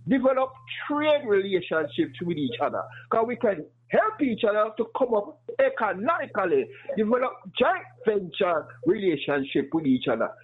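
Husky high-voiced male caller on phone. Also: very animated, moderate pace, hardly any pauses. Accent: noticeable accent. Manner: earnest, persuasive, rhetorical questions. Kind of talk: call-in radio comment. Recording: tinny phone line.

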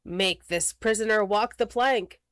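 A woman voicing a gruff, bossy male pirate captain bunny, barking orders in a storybook reading. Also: mid-range voice, unhurried, no echo, voice pushed up, lightly acted.

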